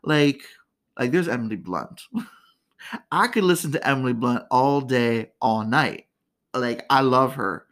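A woman's voice: extremely low pitch, expressive, unhurried. A woman hosting a casual comedic commentary, chatty and candid, laughing often. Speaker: podcast host.

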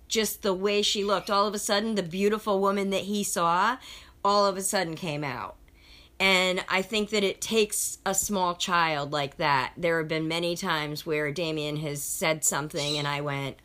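A woman's voice: mid-range voice, unhurried. A woman in casual conversation, telling stories and acting out the people in them. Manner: animated storyteller, acts out quotes.

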